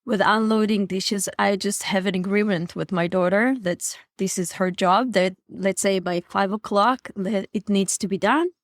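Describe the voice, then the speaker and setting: A woman hosting a parenting podcast, talking in a calm, easygoing way. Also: mid-range voice, moderate pace, few pauses, dry recording, clean studio sound. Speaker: podcast host, parent coach. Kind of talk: conversational podcast interview.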